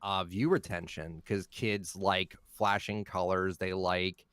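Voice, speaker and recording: A man's voice: low voice, little pitch movement, measured pace, few pauses, a bit bright, clear, resonant tone, dry recording, clean studio sound. A man being interviewed as a content creator, speaking in a laid-back, blunt way with casual swearing.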